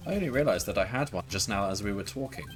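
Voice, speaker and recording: A man's voice: lowish voice, lively intonation, quick pace, soft background music, lightly acted. A man reading as a smug taunting suspect. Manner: taunting, self-satisfied. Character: smug adult male suspect, taunting and evasive.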